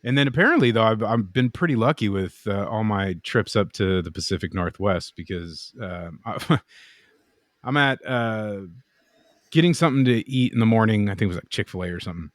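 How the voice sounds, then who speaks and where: Co-hosting a podcast, a knifemaker rambles through stories in casual conversation, cursing and performing other people's lines. His pitch is fairly low, his delivery quick and lively, and the studio-quality recording is dry.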